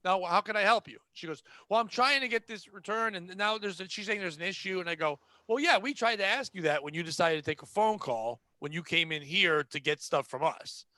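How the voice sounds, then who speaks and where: High, bright-voiced man telling a blunt story. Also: brisk, few pauses, no room sound. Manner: animated, acts out the people in his stories; blunt, sarcastic. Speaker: podcast host telling a retail story. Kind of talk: casual storytelling chat.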